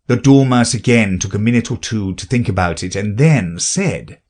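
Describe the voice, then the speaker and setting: A man reading a children's classic aloud as an audiobook narrator, in an expressive storytelling manner. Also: fairly low pitch, normal speed, hardly any pauses, slightly rough. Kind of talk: scripted narration.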